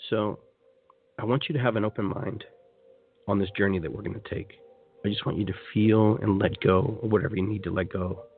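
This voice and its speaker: Gravelly and brisk, this low-leaning male voice keeps a fairly even intonation on a tinny phone line. He's a shamanic guide hosting live call-in radio, chatting with gusto and leading a meditation while often repeating phrases and restarting.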